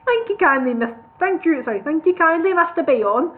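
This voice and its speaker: A woman's voice: extremely high pitch, expressive, moderate pace, pitched above the performer's own voice. A woman voicing a polite, formal male dwarf in a storybook reading. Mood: flattering. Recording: tinny lo-fi livestream audio, faint noise.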